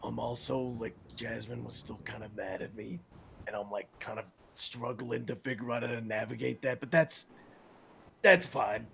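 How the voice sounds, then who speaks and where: Man, roleplay gamer, strong vocal fry, rambling filler-heavy chat, light background hiss. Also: medium pitch, moderate pace, fairly bright tone. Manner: rambling, full of filler words. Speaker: roleplay game player. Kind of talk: casual in-character chat.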